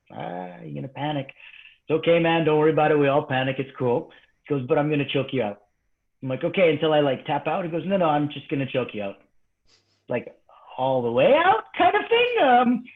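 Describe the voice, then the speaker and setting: A man as an interview guest, telling an animated story and acting out quoted dialogue, his voice swinging between hushed and excited. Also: medium pitch. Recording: tinny phone-like line.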